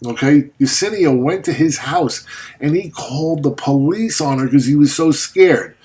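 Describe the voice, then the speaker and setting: A man with a voice a touch higher than the average man's delivers an angry monologue to camera. He jabs at his target with mockery and frequent swearing. He sounds like he has only just woken up. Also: moderate pace, a little mellow. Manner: confrontational, profane, mocking. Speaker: vlogger. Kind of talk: ranting video monologue.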